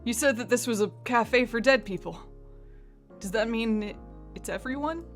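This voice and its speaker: A woman voicing a bewildered young man who has just died, reading game dialogue aloud in a hesitant, quietly puzzled way. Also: fairly high pitch, normal speed, soft background music, lightly acted.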